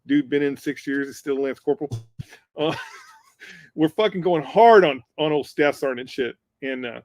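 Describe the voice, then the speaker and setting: A man telling a profane war story on a casual podcast, animated and swearing freely. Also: a little high, a little fast, no room sound. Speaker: podcast co-host.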